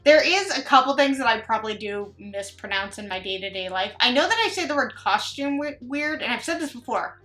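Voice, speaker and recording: Young woman reacting to posts, sarcastic and chatty, kinda high sharp voice. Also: expressive, a little fast, hardly any pauses, faint music behind. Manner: chatty, sarcastic, rambling asides. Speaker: reaction video host. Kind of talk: casual reaction commentary reading posts aloud.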